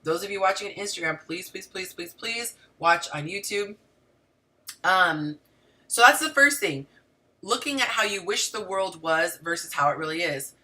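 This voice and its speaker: Woman host, relationship coach; lowish, bright, animated delivery, mic set back a bit. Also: normal speed, recorded from a distance. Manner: animated, talks to the audience directly with frequent asides. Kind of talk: casual livestream talk to viewers.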